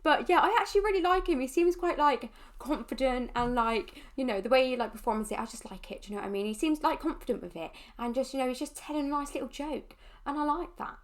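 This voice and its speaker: A woman with a high voice chatting in a casual reaction video. She rambles along, filling her talk with little fillers. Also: fast talker. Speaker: YouTuber reacting to a comedy clip.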